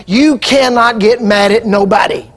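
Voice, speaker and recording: A man preaching an impassioned sermon that rises into shouts and calls for the congregation to answer. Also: very high voice, measured pace. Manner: impassioned, rising into shouts and call-and-response. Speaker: pastor. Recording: archival 2000 TV broadcast.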